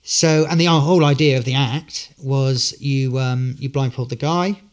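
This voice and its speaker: A man's voice: medium pitch, a little slow. A man telling a long anecdote as a podcast guest, full of fillers and restarts. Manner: rambling storyteller, many fillers and restarts. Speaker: guest, street performer.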